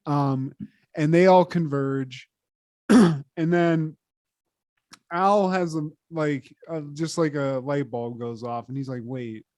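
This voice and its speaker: A man co-hosting a podcast, retelling a sitcom episode in a profane, animated, casual way. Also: takes it slowly, long pauses, dry recording, clean studio sound. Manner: profane, animated retelling, trails off low when addressing his co-host. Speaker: podcast co-host.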